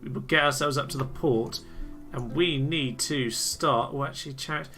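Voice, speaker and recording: Excitable man commentating a game. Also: medium pitch, normal speed, faint music behind. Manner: excitable, theatrical, laughs often. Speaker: let's play host. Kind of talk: gameplay commentary.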